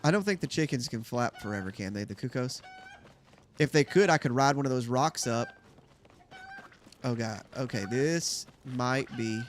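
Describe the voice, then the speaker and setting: In a mid-range voice at normal speed, a young gaming host chats with his viewers while playing, offering casual commentary. Slight background noise is audible.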